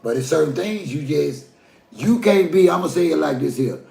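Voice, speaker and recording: A man's voice: a little high, expressive, moderate pace, gravelly, mellow, echoey room. A man from the American South with a Southern accent, giving a folksy, preachy opinion rant and talking straight to his viewers. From Southern United States. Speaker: commentary vlogger.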